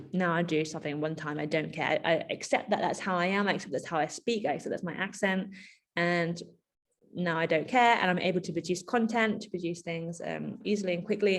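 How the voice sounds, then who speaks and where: A woman giving a conversational keynote to teachers. She is chatty and animated, with frequent asides and fillers. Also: on the low side. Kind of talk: conversational presentation.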